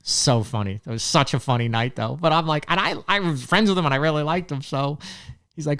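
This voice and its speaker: A man's voice: on the high side, fairly quick, fairly bright tone, clean tone. A man co-hosting a podcast, telling long rambling stories and acting out the people he quotes. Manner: rambling storyteller, acts out quotes. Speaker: podcast co-host. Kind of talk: casual chat.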